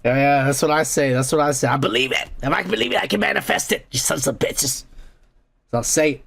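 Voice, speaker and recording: A man's voice: mid-range voice, fast talker, creaky, a bit bright, husky. A man hosting a casual podcast, talking in a crude, profane, rowdy way. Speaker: podcast host.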